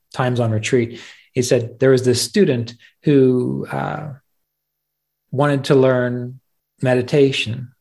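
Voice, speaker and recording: A man's voice: mid-range voice, vocal fry, darkish tone. A man hosting a podcast, teaching meditation in a reflective, conversational way and telling stories with plain fillers. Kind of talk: spoken teaching talk.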